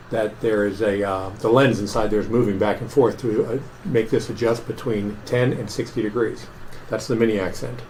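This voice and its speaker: A man walks through a product demonstration in an office, explaining each setting in a plain, methodical way. His voice sits at an ordinary middle pitch. A faint background noise hangs under the recording. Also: darkish tone, poor audio.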